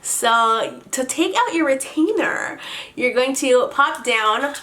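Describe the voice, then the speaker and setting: A young woman from Canada, chatty and excitable, telling a story on her vlog. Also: high-pitched, slow pace. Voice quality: slight lisp from a retainer. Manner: chatty, excitable, heavy use of "like". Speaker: beauty vlogger.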